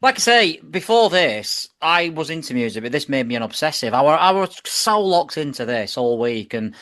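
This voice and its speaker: A man, hosting a casual podcast chat, animated and swearing freely. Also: a little high, moderate pace. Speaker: podcast host.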